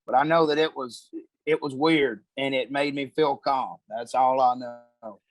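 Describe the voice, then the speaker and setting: A man's voice: medium pitch, measured pace. A man, a podcast guest telling a story in a laid-back, heavily profane way. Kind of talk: casual storytelling.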